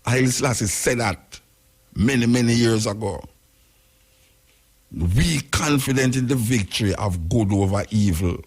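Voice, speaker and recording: A man's voice: mid-range voice, measured pace, breathy edge. A man with a Jamaican accent hosting a radio talk show, giving spoken commentary in patois with rhetorical questions and repetition.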